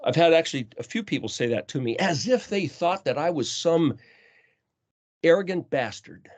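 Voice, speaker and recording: A man's voice: on the high side, lively intonation, normal speed. A man teaching scripture in an earnest way, asking many rhetorical questions. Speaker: teacher of a scripture study call. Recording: dull lo-fi sound.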